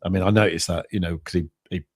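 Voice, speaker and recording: A man chatting casually as co-host of a crypto trading stream, rambling and halting, with many restarts and fillers. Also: low-pitched, steady tone, slightly rough, no room sound, clean studio sound. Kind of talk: casual chat.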